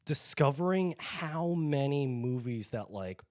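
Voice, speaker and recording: A man in a relaxed podcast conversation whose pitch swings widely as he talks. He hesitates a lot and trails off mid-thought. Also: unhurried. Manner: hesitant, lots of fillers and trailing off. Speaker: podcast co-host. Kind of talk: casual chat.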